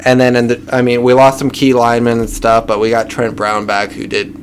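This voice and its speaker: A man's voice: medium pitch, monotone, a little fast, slight background noise. A man hosting a casual sports chat, running through lists of names and teasing his co-hosts. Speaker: podcast host.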